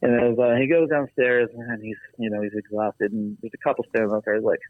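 A man's voice: medium pitch, brisk, dry recording. A man telling a long shaggy-dog joke in a casual, meandering way, full of fillers and restarts. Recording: tinny phone-like radio sound.

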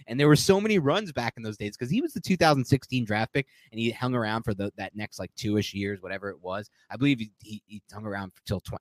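Rambling, low-voiced man on a podcast. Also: no echo. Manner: rambling, animated, self-correcting. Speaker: podcast co-host. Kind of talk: casual sports podcast talk.

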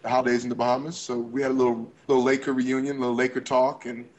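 A man's voice: mid-range voice, level tone, fast, a little mellow. A man co-hosting a basketball podcast, upbeat, talking in long run-on thoughts. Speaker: podcast co-host. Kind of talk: casual sports chat.

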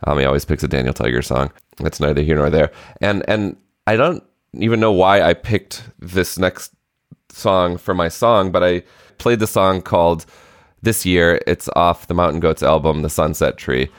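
A man in his thirties co-hosting a chatty podcast, telling a story thoughtfully with frequent pauses and restarts. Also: low voice, no echo, studio quality. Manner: reflective storytelling with many hesitations. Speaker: podcast co-host. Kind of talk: casual chat.

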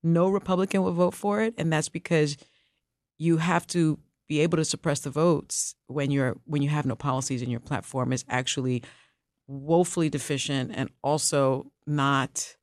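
On a podcast she co-hosts, this woman speaks in a low-pitched, steady, slightly mellow voice. She's emphatic and opinionated, casual in manner and quick with asides, recorded at studio quality without echo.

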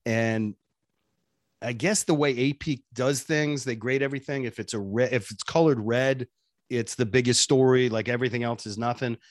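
A man who is a radio personality, telling stories as an interview guest in an animated way and laughing often. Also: mid-range voice, moderate pace, dry recording, studio quality. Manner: animated, laughs often, jumps between voices. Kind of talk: casual interview storytelling.

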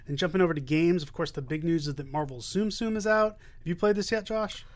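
A man's voice: a little high, fairly quick. Upbeat man running a podcast news roundup. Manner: upbeat, relaxed, with fillers. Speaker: podcast host.

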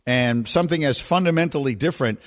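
A man's voice: medium pitch, fast. A man hosting a sports radio show, rambling, easily sidetracked and joking with his co-hosts. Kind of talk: casual sports talk.

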